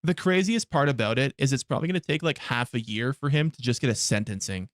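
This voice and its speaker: A man with a medium-pitched voice talks fast while live-streaming a game, chatting casually with viewers through blunt, heavily profane rants aimed at the chat. The sound is clean studio audio with no echo.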